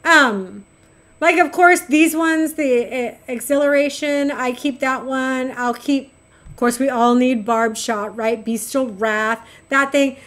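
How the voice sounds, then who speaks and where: A woman's voice: high voice, takes it slowly. A middle-aged woman streaming a game, chatting casually and affectionately with her viewers. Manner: chatty, animated, talks to chat affectionately. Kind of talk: casual chat while gaming.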